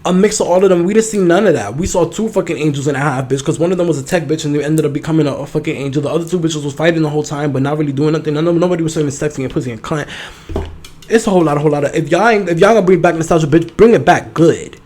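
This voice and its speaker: A man's voice: on the high side, racing, a little mellow. A young man hosting a solo podcast, chatting casually in a sassy, profane, campy manner. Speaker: podcast host.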